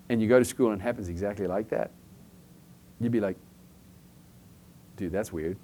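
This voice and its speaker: Speaking at a moderate pace with long pauses, a man with a lowish, mellow voice gives a chatty, conversational sermon over a faint hiss or hum. He often asks "okay?" and plays out little everyday scenes to drive his points home.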